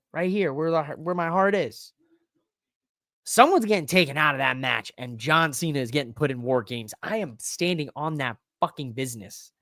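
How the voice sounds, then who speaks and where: A man hosting a podcast alone, talking in an excitable, rambling way that swears freely. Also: fairly high pitch, dry recording, studio quality. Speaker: podcast host. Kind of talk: casual solo wrestling recap.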